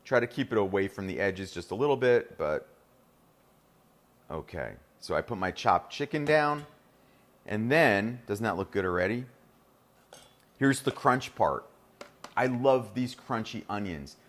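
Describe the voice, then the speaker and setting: A man's voice: on the low side, animated, measured pace, long pauses, fairly bright tone. A middle-aged man with a New Jersey accent, hosting a live cooking demonstration in a kitchen and chatting enthusiastically to viewers. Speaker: chef and host.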